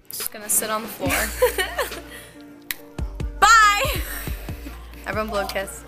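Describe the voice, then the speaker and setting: A young woman vlogging to camera from her car, chatty, flustered and in a rush. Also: fairly high pitch. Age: young adult. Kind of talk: casual vlog to camera.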